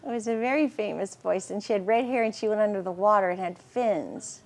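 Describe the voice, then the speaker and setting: A middle-aged woman, a voice actress, telling casual anecdotes in an animated way and laughing often. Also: mid-range voice, brisk, vocal fry. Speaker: voice actress and interview guest.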